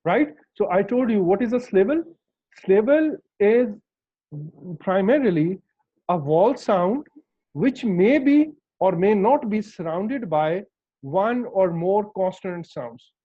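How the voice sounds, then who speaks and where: High-voiced man teaching pronunciation, lo-fi. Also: expressive, no echo. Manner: patient, repeats words slowly, checks understanding. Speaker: English teacher. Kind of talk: online pronunciation lesson. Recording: dull lo-fi dry sound.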